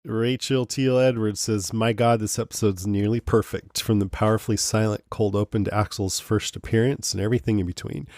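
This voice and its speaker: A man hosts a relaxed podcast, reading listener emails and reacting to them with frequent laughter. His voice sits low, and the recording is close and dry with no room sound. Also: brisk, hardly any pauses, no echo. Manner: chatty, laughs often. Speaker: podcast host.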